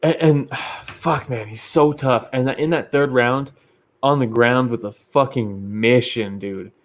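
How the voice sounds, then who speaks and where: A man's voice: medium pitch, a little slow. A man co-hosting a fight podcast, talking in casual chat, swearing freely and agreeing with enthusiasm. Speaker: podcast co-host.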